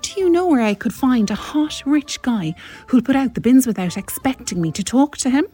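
A woman's voice: high-pitched, lively intonation, normal speed, dark tone, breathy edge, soft background music. A woman playing a self-pitying posh woman in her early forties, complaining melodramatically. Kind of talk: comic radio letter reading.

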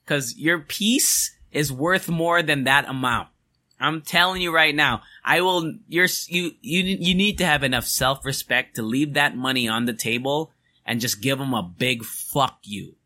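A man's voice: mid-range voice, measured pace, pushed and bright. A young man hosting a podcast, ranting angrily and emphatically, swearing as he vents. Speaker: podcast host.

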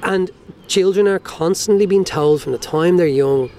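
A man in his forties with an Irish accent, reading a spoken-word poem in a soft, measured way, then talking animatedly as a guest. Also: high-pitched, slight background noise. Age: 40s. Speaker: guest, writer and performer.

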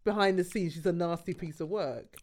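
A woman's voice: on the low side, a little fast, darkish tone. A woman co-hosting a casual chat, laughing often and trailing off mid-sentence.

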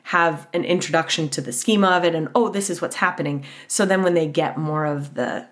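A woman hosts a chatty interview over a video call. Her voice sits a little low, and she responds eagerly to her guest. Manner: warmly enthusiastic, quick agreement. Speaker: podcast host. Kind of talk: casual interview chat.

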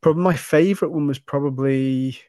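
A man's voice: a little high, brisk, dark tone, no echo. Chatty man, dry close sound. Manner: chatty storyteller, swears casually. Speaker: podcast co-host. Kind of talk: casual chat.

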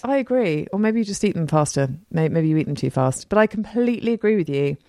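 A woman's voice: mid-range voice, expressive, fast, mellow, dry recording, clean studio sound. A woman in her forties co-hosting a podcast, friendly and matter-of-fact, with affectionate slang in casual chat. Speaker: podcast co-host, interiors expert.

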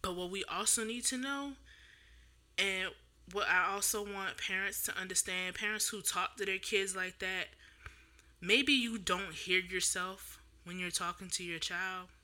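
Bright-voiced woman venting on a podcast. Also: medium pitch, fairly even intonation, a little slow. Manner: candid, heated storytelling full of fillers and restarts. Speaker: podcast host, parent. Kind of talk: casual podcast monologue.

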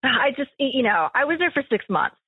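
A woman's voice: high voice, very animated, brisk, breathy edge, no echo. A woman in a casual chat, chatty and laughing easily. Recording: tinny phone-like audio, dry.

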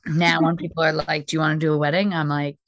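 A young American woman, a stand-up comedian, telling a story in casual chat, animated and laughing often. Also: low-pitched, quick pace, a little hiss or hum. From United States.

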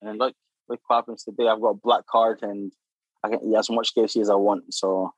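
A young man, a guest telling animated, laughing stories full of acted-out quotes. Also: on the low side, a little fast, no echo, rough recording. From Democratic Republic of Congo. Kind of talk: casual storytelling.

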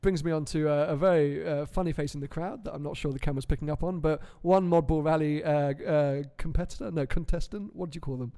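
A man's voice: on the high side, steady tone, warm tone. A young man hosting a live podcast in a chatty, joking manner. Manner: chatty, jokey, quick asides. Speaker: podcast host. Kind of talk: casual live podcast chat.

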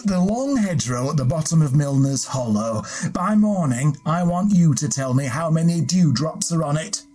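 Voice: medium pitch, expressive, normal speed, warm tone, soft background music, close to an everyday voice. A storyteller speaking as an old village schoolmaster, earnest and plain in the way he talks. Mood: nervous.

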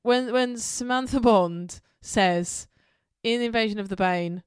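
A woman's voice: mid-range voice, measured pace, smooth, no room sound, clean studio sound. A woman co-hosting a podcast in casual chat, enthusiastic and loose, swearing freely. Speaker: podcast co-host.

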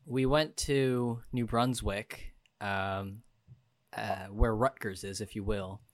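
A man's voice: fairly low pitch, steady tone, slow, no echo. Young man bantering on a podcast. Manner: bantering, hesitant fillers and restarts. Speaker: podcast co-host. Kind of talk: casual banter.

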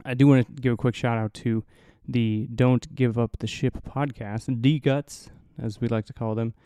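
A man's voice: mid-range voice, steady tone, moderate pace, warm tone, smooth, no room sound, clean studio sound. A young man from the Midwest with a nasal Midwestern accent, hosting a solo podcast in a rambling, profane, self-mocking way. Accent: Midwestern American. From American Midwest. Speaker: podcast host. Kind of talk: casual solo podcast monologue.

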